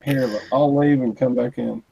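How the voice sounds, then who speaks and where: A man chatting on a video call, rambling through a list of items with pauses. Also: medium pitch, steady tone, creaky, mellow, slight background noise, poor audio. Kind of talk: casual chat. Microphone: computer mic on a video call.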